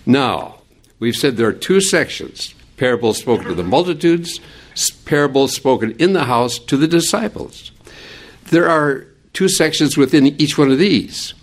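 Older male Bible teacher, animated and rambling, mid-pitched voice with lively ups and downs. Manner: animated and digressive, with chuckles. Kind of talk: classroom Bible lesson.

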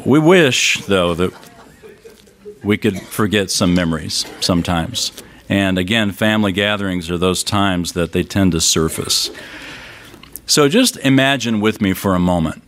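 Middle-aged male pastor, lower voice. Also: lively intonation, a little slow, a bit bright, slight background noise. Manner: storytelling, rising and falling with emphasis. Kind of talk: sermon.

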